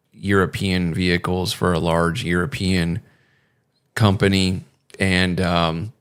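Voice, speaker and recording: A man's voice: low-pitched, a bit bright, clean tone. A young man chatting casually on a stream, rambling and swearing with many fillers. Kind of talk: casual chat.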